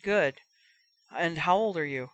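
A woman voicing a calm, kindly older male healer who soothes an injured patient. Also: lowish voice. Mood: soothing. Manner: gentle, soothing, unhurried. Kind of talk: audiobook character voice.

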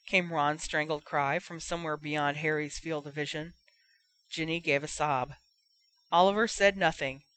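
A woman reading a fan fiction story aloud in a measured narration. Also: low-pitched, fairly bright tone. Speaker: audiobook reader.

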